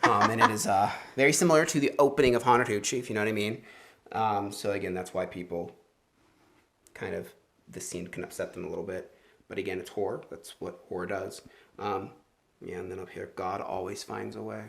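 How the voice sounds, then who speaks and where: Chatty low-voiced male host. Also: steady tone, fairly quick, creaky, fairly bright tone. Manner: enthusiastic, chatty, laughing often. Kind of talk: casual walkthrough commentary. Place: inside an old industrial building.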